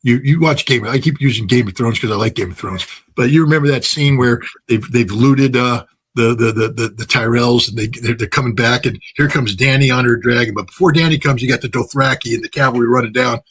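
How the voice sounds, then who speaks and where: Husky-voiced man giving emphatic political commentary. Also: mid-range voice, a little fast, a bit bright. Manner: emphatic, repeats phrases for effect, frequent filler words; folksy, uses everyday examples and laughs at his own points. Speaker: political commentator, interview guest.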